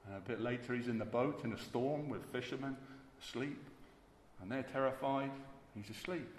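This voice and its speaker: Male preacher, mid pitch, emphatic sermon delivery; echoey hall, faint ambience. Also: normal speed, a little hiss or hum. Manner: emphatic, repeats key words.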